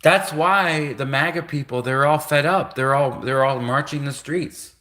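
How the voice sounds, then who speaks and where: A man's voice: fairly high pitch, unhurried, sharp tone. A man in his forties ranting on a livestream, emphatic and repetitive. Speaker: livestream host. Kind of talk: livestream rant.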